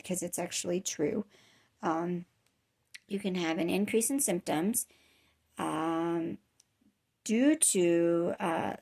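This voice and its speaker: Gravelly-voiced woman vlogging, weary. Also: on the low side, darkish tone. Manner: rambling, candid, many fillers and restarts. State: weary from chronic nausea. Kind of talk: casual personal vlog.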